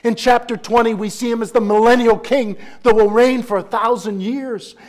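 Speaking at normal speed with a steady tone, a pastor with a notably high voice delivers an emphatic sermon. He rises into forceful exclamations, falls back to hushed asides, and repeatedly calls on the congregation to respond.

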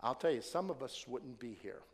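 A man preaching a sermon with great drama, swinging between hushed whispers and shouted praise and acting out quoted prayers. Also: mid-range voice, animated, moderate pace, big-room sound. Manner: acts out quoted prayers with rising passion.

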